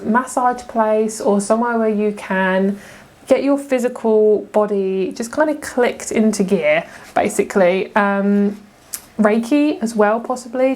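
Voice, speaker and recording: A woman's voice: medium pitch, a little mellow. A young woman giving a casual tarot pick-a-card reading, chatty and gushing, often laughing. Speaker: tarot reader.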